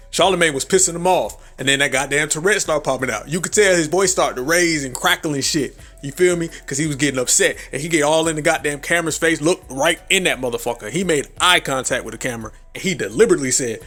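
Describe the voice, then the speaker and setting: A man runs a live commentary stream in a brash, foul-mouthed style, frequently laughing at his own jokes. His voice is fairly bright and sits a little high for a man, with faint music playing underneath.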